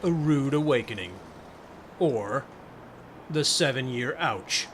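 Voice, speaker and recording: A man's voice: medium pitch, lively intonation, takes it slowly, a little hiss or hum. A man giving casual, joking commentary while playing a game. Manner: joking, wry asides. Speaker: let's play streamer.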